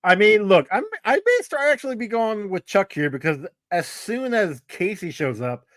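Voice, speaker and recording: A man with a voice a little above average pitch, chatting on a movie podcast. He rambles through his stories and corrects himself mid-sentence. The sound is close and dry. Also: sing-song, moderate pace, a bit bright, dry recording. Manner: rambling, self-correcting storyteller. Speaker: podcast co-host. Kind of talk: casual movie-review chat.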